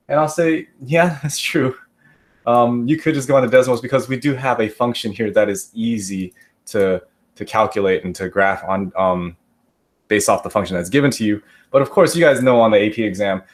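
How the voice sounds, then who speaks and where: A male math teacher works through a problem out loud at a relaxed, easygoing pace. He keeps checking in with his listeners and jokes along the way. His voice sits at an ordinary middle pitch. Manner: casual and joking, often checks with "right?" and "okay?". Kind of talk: recorded classroom lecture.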